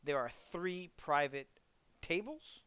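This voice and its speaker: A man's voice: fairly high pitch, lively intonation, slow pace, a bit bright, clean tone, lo-fi sound. A young man running an online tabletop game as game master, describing the scene in a casual, filler-heavy way. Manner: casual, loose, many fillers.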